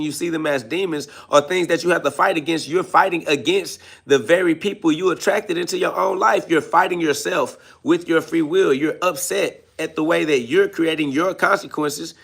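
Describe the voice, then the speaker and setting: A man rants in a live podcast monologue, preachy and mocking with heavy slang. His voice sits somewhat high for a man and has a gravelly, fry-laden edge. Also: fairly bright tone. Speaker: podcast host. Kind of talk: ranting live self-talk podcast monologue.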